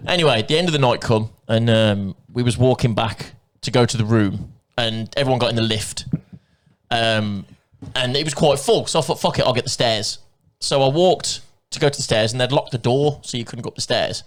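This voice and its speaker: A man's voice: medium pitch, normal speed. A man from England, co-hosting a podcast and telling a long, rambling story full of swearing and quoted dialogue. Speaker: podcast co-host. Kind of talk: casual storytelling chat.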